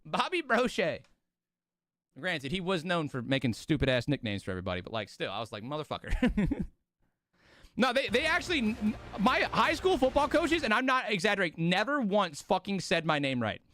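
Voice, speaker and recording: Animated, high-voiced male streamer, rambling. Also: a little fast, no echo. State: sleepy, yawning. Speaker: streamer hosting a watch party. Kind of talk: casual live-stream chat.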